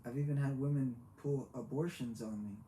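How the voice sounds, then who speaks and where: A man giving a heartfelt, preachy motivational talk, halting and repeating himself as he goes. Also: medium pitch, dark tone. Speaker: motivational vlogger. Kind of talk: earnest motivational monologue. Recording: echoey room with faint background hiss.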